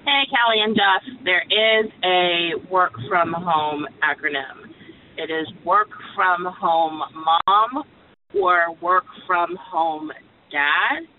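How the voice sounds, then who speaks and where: A woman's voice: fairly low pitch, slow pace. A woman caller leaving a short, playful voicemail. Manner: playful, spelling out letters. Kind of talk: voicemail message. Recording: phone line with faint noise.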